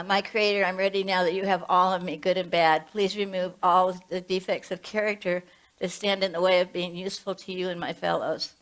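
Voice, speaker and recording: A woman's voice: mid-range voice, a bit bright, low-quality recording. A woman in her late seventies, a minister and hospice chaplain, giving a conversational sermon full of personal stories and asides. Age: 70s. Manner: chatty, storytelling with asides.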